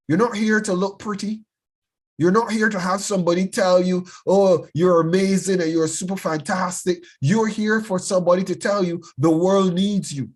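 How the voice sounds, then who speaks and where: A bishop addresses a youth class in an urgent, sermon-like style. The speaker presses each point hard, often repeating words before pushing on. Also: medium pitch. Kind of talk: impassioned sermon-like teaching.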